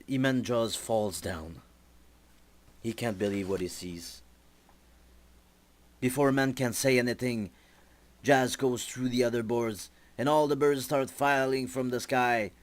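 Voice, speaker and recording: A young man, a student, narrating his storyboard story deliberately with small slips. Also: mid-range voice. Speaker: student presenter.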